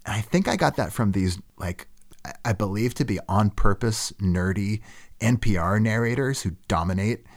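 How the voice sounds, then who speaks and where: A man's voice: on the low side, animated, moderate pace. A man hosting a podcast, talking casually and self-deprecatingly about his own work. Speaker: podcast host. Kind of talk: casual reflective monologue.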